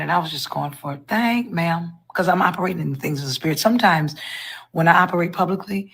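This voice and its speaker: A woman church singer and preacher explaining herself in a social media clip, preachy and self-assured, with a husky voice. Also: low-pitched.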